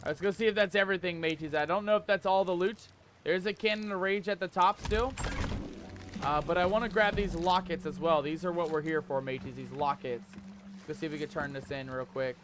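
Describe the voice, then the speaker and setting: A man's voice: on the high side, brisk, noisy background. A man streaming a pirate game who reads the chat aloud and talks in playful pirate slang. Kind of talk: live gameplay commentary. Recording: music playing under voice.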